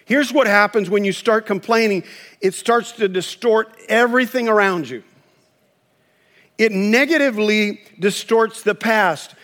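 A pastor with a high-pitched male voice, preaching in a loose, conversational sermon style. He acts out what people say and chuckles at his own stories. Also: unhurried, a bit bright.

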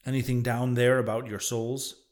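A man's voice: medium pitch, flat delivery, moderate pace, a little mellow, lightly acted. A man voicing a ragged old male sailor prophet who talks in emphatic, mocking old-fashioned sea speech. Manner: archaic sailor talk, emphatic, derisive.

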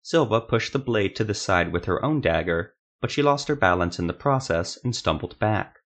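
Low-voiced man narrating an audiobook. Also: expressive, fairly bright tone. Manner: measured, dramatic reading. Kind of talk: scripted fantasy audiobook narration.

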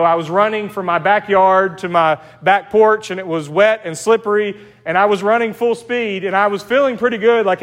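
High-voiced East Texas preacher. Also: male voice, fairly bright tone, in a large hall. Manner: conversational, anecdotal preaching with restarts. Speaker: pastor. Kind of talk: sermon. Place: church sanctuary.

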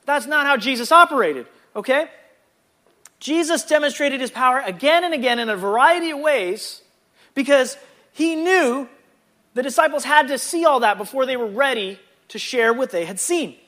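A man leading a casual Bible lesson with a very high, bright voice. He talks in a chatty, animated way and keeps dropping in jokey asides. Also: normal speed. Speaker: Bible study teacher.

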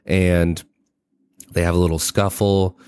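A man's voice: sits low, little pitch movement, unhurried, a little mellow, clear, resonant tone, no room sound. A man hosting a casual movie review podcast, rambling and swearing, with lots of fillers and restarts. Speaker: podcast host.

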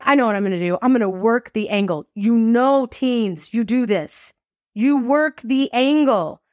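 A woman with a somewhat high voice hosts a faith podcast and tells stories in a lively, chatty way. Her recording is dry and close, with no room sound. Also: a little slow, no room sound. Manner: lively, expressive storyteller, casual and chatty. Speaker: podcast host. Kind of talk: faith-based storytelling talk.

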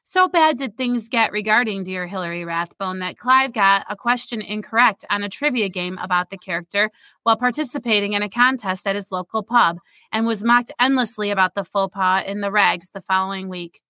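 A woman's voice: medium pitch, fairly quick, bright, forceful tone, no room sound. A woman reading her own short story aloud expressively, then chatting casually about it over an online call.

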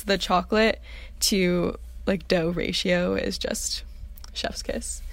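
Gravelly young woman, dry close sound. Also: lowish voice, no room sound. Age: young adult. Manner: upbeat, enthusiastic recommending. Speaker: student podcast co-host. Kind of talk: casual chat.

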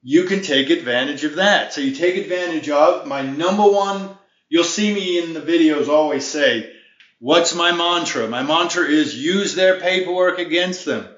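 A man's voice: on the high side, normal speed, fairly bright tone, reverberant, lo-fi sound. A man giving an informal video lesson on debt defense, emphatic and folksy, often wandering off on tangents.

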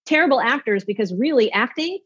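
A woman speaking as a public speaking coach in an off-the-cuff interview, animated and demonstrating with her voice. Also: fairly high pitch, brisk, husky, muffled recording.

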